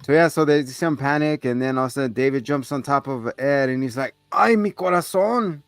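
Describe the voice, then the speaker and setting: A man's voice: mid-range voice, steady tone, quick pace, smooth, no echo, faint music behind. A man hosting a podcast, casually recapping a movie scene by scene, swearing freely and acting out the characters' lines in a raised voice. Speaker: podcast co-host.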